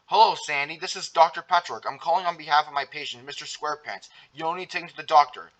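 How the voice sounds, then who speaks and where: Patrick, a blustery, slow-witted starfish who is sure of himself, voiced by a man reading a storybook. Fairly high and bright, on a dull lo-fi recording. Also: close to an everyday voice. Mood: official. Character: dim-witted, confident male starfish.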